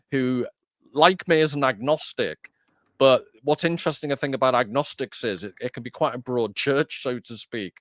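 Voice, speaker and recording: A man's voice: mid-range voice, dry recording, clean studio sound. A man hosting a casual discussion, chatty and self-deprecating, often rambling. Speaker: host.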